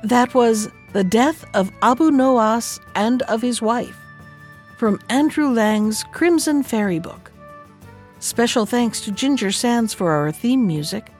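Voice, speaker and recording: A woman host reading a fairy tale aloud in a measured, clear way. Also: on the high side, a little mellow, soft background music. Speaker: storyteller host.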